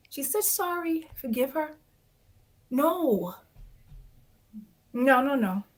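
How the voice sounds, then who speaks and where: A woman guest on an interview podcast, telling a story in a blunt, dramatic and expressive way, acting out other people. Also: high voice. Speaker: guest, reality dating show cast member.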